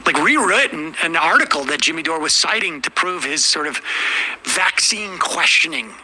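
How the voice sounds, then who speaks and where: A man hosting a political talk show, speaking in a measured, conversational way. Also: fairly high pitch, lively intonation, sharp tone.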